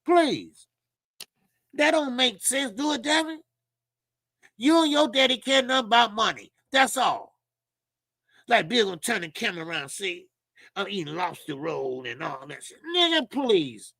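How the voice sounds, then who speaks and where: Man, middle-aged, boxing talk host, casual rant, mocking impressions, bright edgy tone, dry sound. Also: high-pitched, moderate pace, creaky, pauses often, dry recording. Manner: loud, animated, profane, mimics people mockingly. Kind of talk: casual commentary monologue.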